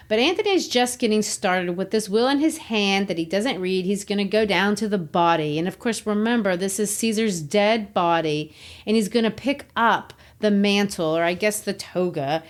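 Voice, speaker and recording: A woman co-hosting a literature podcast, retelling scenes in an animated, storytelling way. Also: mid-range voice. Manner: animated storytelling, laughs often. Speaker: podcast co-host.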